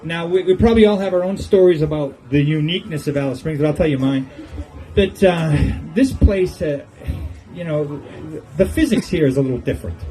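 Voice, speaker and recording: A man's voice: fairly high pitch, a little fast, dark tone, poor audio. An older man giving a humorous farewell speech on an outdoor patio, telling jokey stories and chuckling at his own punchlines. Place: outdoor golf club patio.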